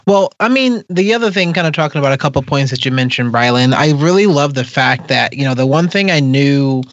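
A man's voice: medium pitch, expressive, brisk, no echo. A man reviewing a film on a podcast in loose, rambling casual chat. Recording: dull, dry lo-fi mic.

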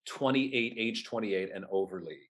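A man, a guest telling stories in an animated way and acting out his own past remarks. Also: on the low side, normal speed. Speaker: guest, whip performer at renaissance fairs. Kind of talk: casual interview storytelling.

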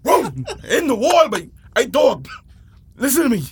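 A man telling a wild childhood story in a slangy, excitable way, shouting at the big moments. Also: very high voice, measured pace, breathy edge. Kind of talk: animated casual storytelling.

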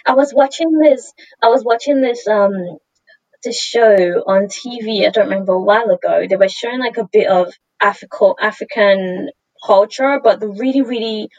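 A woman's voice: mid-range voice, normal speed, no echo. Chatty woman podcast host, lo-fi sound. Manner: animated, chatty storytelling with many fillers and laughs. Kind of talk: casual chat. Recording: dull, dry lo-fi audio.

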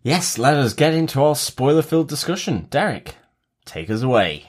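A man's voice: medium pitch, very animated, moderate pace, slightly rough. A man from Britain co-hosting a podcast, with dry, wry and brief remarks. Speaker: podcast co-host. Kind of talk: casual podcast chat.

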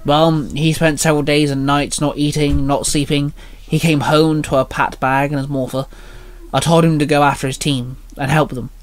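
A man voicing a middle-aged mother calmly explaining a loss, steady and supportive. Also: fairly high pitch, moderate pace, lightly acted.

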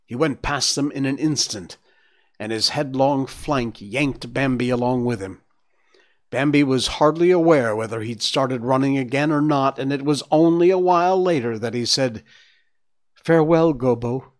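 A man narrating a storybook in a measured, dramatic reading. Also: mid-range voice. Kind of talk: audiobook reading.

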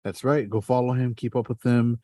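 Man, podcast host, loose storyteller, cursing freely, dry close sound, warm tone. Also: mid-range voice, fairly quick, no echo. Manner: animated, swears often, heavy fillers. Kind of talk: casual storytelling.

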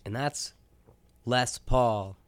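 A man's voice: medium pitch, drawn-out words, no room sound. A young man co-hosting a college radio show, rambling casually with lots of "like" and "you know". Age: young adult. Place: radio studio. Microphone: studio microphone.

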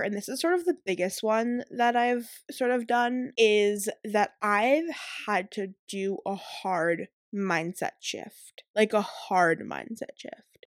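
A woman's voice: mid-range voice, no room sound, studio quality. A woman in her twenties telling a casual story as a college student vlogger, chatty and full of fillers. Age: 20s.

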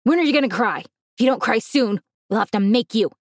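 A woman voicing a greedy, scheming uncle in a storybook reading, speaking slowly. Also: fairly high pitch, expressive, slight background noise, natural voice. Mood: menacing.

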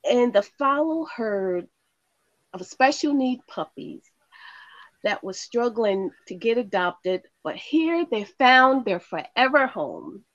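A woman's voice: fairly high pitch, expressive, slow, fairly bright tone, no echo, lo-fi sound. A woman co-hosting a podcast, chiming in with affirmations and reading out feel-good news stories. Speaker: podcast co-host. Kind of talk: casual chat and story reading.

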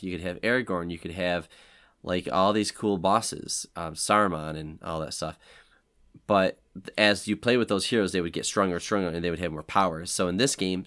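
A man's voice: low-pitched, fairly bright tone. A man co-hosting a podcast, chatting casually about games with many fillers and restarts. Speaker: podcast co-host. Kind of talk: casual chat.

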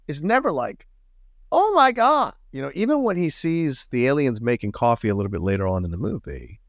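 A chatty man co-hosts a film podcast, his pitch swinging widely as he talks. The sound is dry and close-miked, with no echo around him. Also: a little mellow. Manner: asks questions, chatty. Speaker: podcast co-host. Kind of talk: casual film discussion.

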